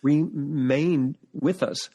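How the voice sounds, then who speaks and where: A man as a podcast guest, telling animated family anecdotes in casual chat and often restarting sentences as he searches for words. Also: on the high side, drawn-out words, slightly rough.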